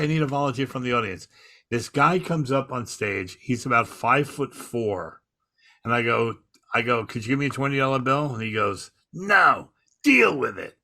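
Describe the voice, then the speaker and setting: A man with a bright, forceful voice tells old club stories on a podcast. He jumps into quoted voices as he goes, in a loose, chatty comedian's delivery. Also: mid-range voice. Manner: animated anecdote-telling, acting out other people's lines. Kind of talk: casual storytelling on a podcast.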